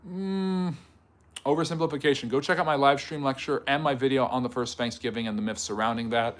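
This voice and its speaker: Man, history lecturer, livestream host, casual rebuttals, frequent fillers, mid pitch. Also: fairly even intonation. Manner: conversational, quick rebuttals with frequent fillers and restarts. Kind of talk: livestream lecture answering chat.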